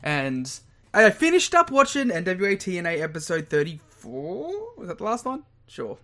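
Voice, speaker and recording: Male co-host, fairly high, bright and forceful, mock-outraged casual banter. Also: sing-song, moderate pace. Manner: mock-indignant, jokey. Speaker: podcast co-host. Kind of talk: casual chat.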